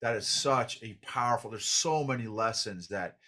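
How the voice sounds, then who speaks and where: Affirming male podcast host. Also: on the low side. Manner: warmly affirming, with halting restarts. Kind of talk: casual interview chat.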